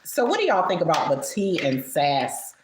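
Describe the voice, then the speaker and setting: A chatty, expressive livestream host, talking casually at home while coloring and often sighing. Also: mid-range voice, moderate pace, background noise. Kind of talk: casual live-stream chat while coloring. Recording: roomy echo.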